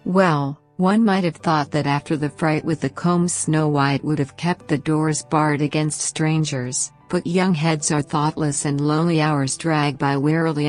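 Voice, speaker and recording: A woman narrating a bedtime fairy tale in a slow, gentle, expressive reading. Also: sits low. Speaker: storyteller.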